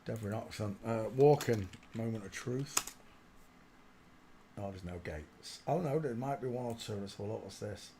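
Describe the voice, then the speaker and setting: A man hosting a casual livestream, commenting while he searches through images, often muttering quietly to himself and breaking into loud laughing outbursts. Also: on the low side, animated, moderate pace, slight background noise. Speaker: livestream host.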